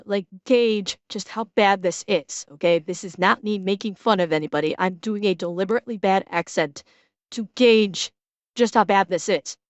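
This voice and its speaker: Blunt, smooth-voiced woman streamer. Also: on the high side, dry recording. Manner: blunt, swears freely, frequent restarts. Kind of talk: casual stream reaction.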